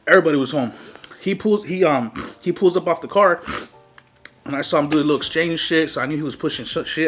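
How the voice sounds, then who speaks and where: A young man hosting an eating show, telling a story casually and animatedly with lots of slang and swearing. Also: a little high. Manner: profane, slangy, animated retelling. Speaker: mukbang host.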